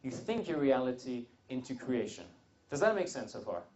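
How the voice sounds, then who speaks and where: A man's voice: medium pitch, sing-song, moderate pace, darkish tone. A man giving a live seminar talk to a room of attendees, rambling with frequent restarts and joking asides. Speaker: seminar speaker. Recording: dull lo-fi seminar recording.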